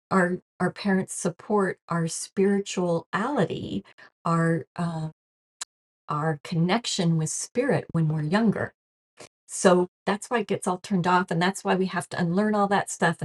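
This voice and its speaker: A woman's voice: on the low side, measured pace. A woman giving a casual spiritual talk to camera, earnest and chatty, often laughing and acting out quoted reactions. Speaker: spiritual teacher.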